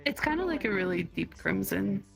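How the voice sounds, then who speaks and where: Woman roleplaying, friendly, kinda hesitant, soft music behind. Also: medium pitch, very animated, normal speed, gravelly. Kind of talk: in-character roleplay chat.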